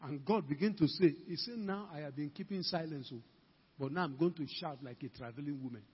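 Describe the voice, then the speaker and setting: An older man, the pastor, delivers a fervent sermon in a church hall, voicing quoted dialogue while urging on his congregation. He speaks briskly in a slightly high voice with a breathy edge; the lo-fi church recording is dull and heavily reverberant.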